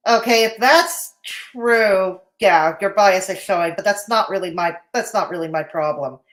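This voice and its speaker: A woman's voice: mid-range voice, moderate pace. A woman hosting a live commentary stream, blunt and mocking in tone, with a Canadian accent. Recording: roomy echo.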